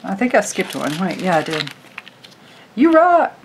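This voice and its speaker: A woman's voice: sits low, animated, brisk, slight background noise. A woman vlogger chatting casually to her viewers as she pages through a craft booklet, gushing over each picture. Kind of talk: casual product walkthrough.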